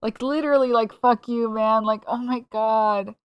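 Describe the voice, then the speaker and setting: Heated and exasperated, a woman rants profanely during a casual reaction stream, addressing her chat directly. Her voice is on the high side with fairly even intonation, normal speed, and few pauses, captured in clean, echo-free studio quality.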